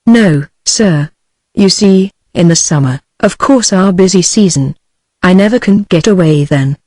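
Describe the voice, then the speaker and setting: A woman's voice: fairly low pitch, measured pace, dark tone, no room sound. A synthetic woman's voice with a British English accent, reading the lines of an evasive young male store clerk. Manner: hesitant, evasive.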